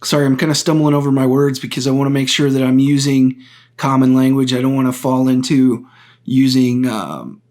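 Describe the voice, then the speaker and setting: Guy doing a solo podcast, earnest, slow and deliberate, trips over words and restarts, explains step by step. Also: medium pitch, fairly even intonation, a little mellow. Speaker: podcast host. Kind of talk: solo political commentary.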